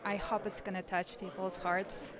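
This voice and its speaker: Soft-spoken woman with Russian accent. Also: medium pitch, level tone, moderate pace, soft background music, a faint crowd. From Siberia, Russia. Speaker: actress. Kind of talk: interview answers.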